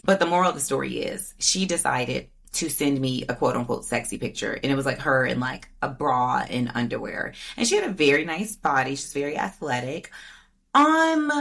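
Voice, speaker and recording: A woman with a low voice hosts a podcast and tells a personal story in a relaxed, candid way. She jumps into high, mocking voices when she quotes people, then drops back to her own deep tone. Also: normal speed, gravelly, husky. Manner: candid, animated retelling with mock-quoted voices. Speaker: podcast host. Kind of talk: casual storytelling monologue.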